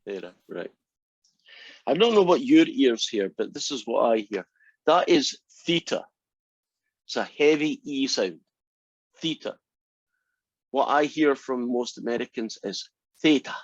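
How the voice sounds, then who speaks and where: A man's voice: mid-range voice, lively intonation, moderate pace, no room sound. A man teaching a calculus class, talking through derivatives with wry, teasing asides. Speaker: math instructor. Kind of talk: classroom lecture. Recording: dry, muffled classroom recording.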